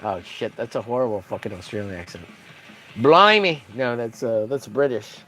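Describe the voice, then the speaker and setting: A man's voice: on the low side, a little fast, darkish tone. A young man chatting on a casual painting livestream, rambling and joking crudely while reading the chat aloud.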